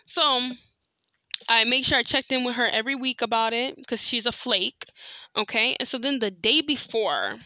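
A woman's voice: a little high, normal speed, sharp tone, dry recording, studio quality. A woman telling a personal story in a candid, profane way, full of "like" and "you know". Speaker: podcast host.

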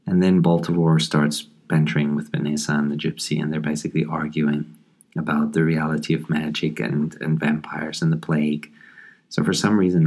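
Very deep-voiced man musing thoughtfully. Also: a little mellow. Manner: thoughtful and halting, with frequent ums and restarts. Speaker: podcast host. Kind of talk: casual review of a horror comic.

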